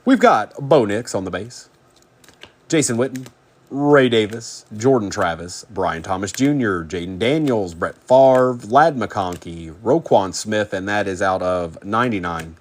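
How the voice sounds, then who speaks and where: A male host runs a casual live card break, his lower-pitched voice relaxed and chatty as he quickly rattles off names.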